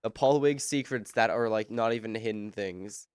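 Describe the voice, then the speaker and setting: A man's voice: fairly low pitch, moderate pace, smooth, no echo, studio quality. A man streaming a game live, chatting casually and rambling as he answers viewers' chat while he plays.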